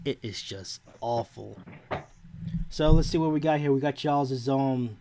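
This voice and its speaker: A man's voice: medium pitch, a little slow, mellow, a little hiss or hum. Playful young man, casual streamer chat. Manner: playful, drawling, clowning.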